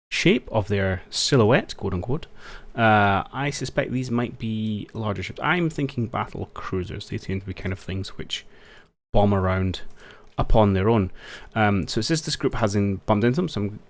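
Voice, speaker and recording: Low-voiced man casually narrating strategy gameplay. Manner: thinks aloud, wry and understated. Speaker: strategy game let's-player.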